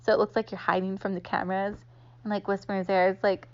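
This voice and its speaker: A woman's voice: mid-range voice, little pitch movement, quick pace, a little mellow. A woman giving a casual instructional talk, chatty and full of "like" fillers. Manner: chatty, heavy use of "like" fillers. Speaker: online instructor. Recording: slightly dull lo-fi audio.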